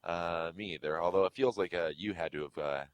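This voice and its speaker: Deep-voiced man with a wry, teasing tone. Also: fairly quick, clean tone, dry recording. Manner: wry, teasing questions, laughs often. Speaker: podcast co-host. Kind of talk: casual chat.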